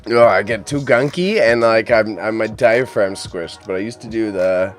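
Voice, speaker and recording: A man's voice: fairly low pitch, normal speed, soft background music. A young man hosting a casual livestream, joking and self-deprecating as he laughs along and banters with his chat. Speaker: livestream host. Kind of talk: casual live-stream chat.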